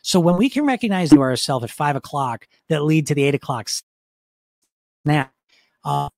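With a fairly high-pitched voice and no room sound, a male weight-loss coach leads a live online session. He reads comments from viewers and chats upbeat and rambling, with lots of restarts and laughs.

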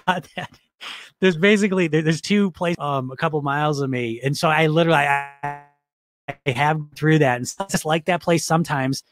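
Man, slightly high voice, upbeat rambling coach, reading chat comments, dry close mic. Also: no room sound. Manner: upbeat, rambling, frequent restarts and laughs. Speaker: weight-loss coach.

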